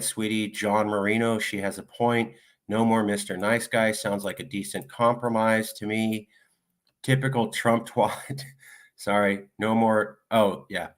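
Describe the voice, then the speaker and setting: A man giving casual political commentary, reading viewer comments aloud one after another. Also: fairly low pitch. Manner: reads viewer comments aloud in quick succession.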